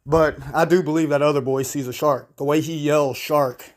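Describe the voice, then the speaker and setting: A man's voice: on the high side, fairly even intonation, fairly quick. A man giving casual video commentary in a blunt, opinionated, rambling way. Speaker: YouTube commentator.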